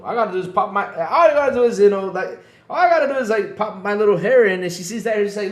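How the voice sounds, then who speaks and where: A man's voice: sits high, animated, racing, roomy sound. A man hosting a casual livestream, joking with the chat and playing up mock hurt, laughing often. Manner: playful, self-mocking, laughs often, mock-whiny. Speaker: livestream podcast host. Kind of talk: casual live-chat banter.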